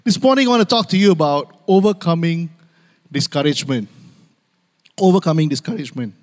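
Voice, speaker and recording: A man's voice: fairly high pitch, animated, fairly quick. A man preaching a sermon to his church, calling for amens and repeating key phrases for emphasis. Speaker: pastor. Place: church sanctuary. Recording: long hall reverb.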